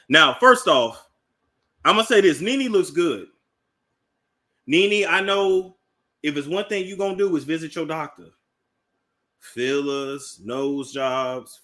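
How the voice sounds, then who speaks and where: A man with a Midwestern accent hosting a gossip livestream, talking straight to his chat in an animated, exclaiming way. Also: mid-range voice. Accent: Midwestern American. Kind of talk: casual commentary.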